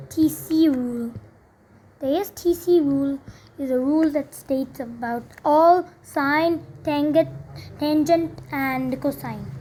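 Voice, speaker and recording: A woman's voice: sits high, mellow, slight background noise. A young woman tutoring math in a casual, chatty way, full of fillers and self-corrections. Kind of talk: casual explaining while writing.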